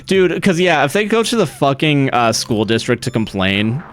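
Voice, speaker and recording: A man's voice: mid-range voice, sing-song, normal speed. A young adult man from the US, a streamer chatting casually in a rambling, profane way and laughing often. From United States. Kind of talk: casual chat. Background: faint music.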